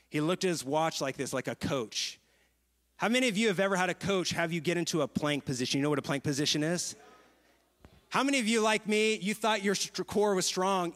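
A man with a high, bright-toned voice preaches a lively sermon, trading stories and questions with his congregation. His voice rings out with a long reverb tail, as in a large church auditorium. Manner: lively, storytelling, asks the crowd questions. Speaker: pastor.

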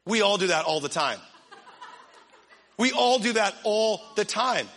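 Bright, high-voiced young pastor preaching. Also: male voice, measured pace. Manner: energetic, joking, acts out little scenes in funny voices. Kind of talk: sermon.

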